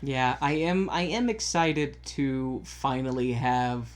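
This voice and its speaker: A man's voice: medium pitch, slow pace. A man co-hosting a casual podcast, asking curious questions and cracking jokes. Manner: joking and curious, asks questions and laughs often. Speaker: podcast co-host, spouse of the theatre fan.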